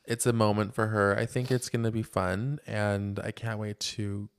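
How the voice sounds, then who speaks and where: A man's voice: fairly low pitch, normal speed, clear, resonant tone. Sassy young man podcast co-host. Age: young adult. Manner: animated, sassy, many "like" fillers. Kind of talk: casual chat.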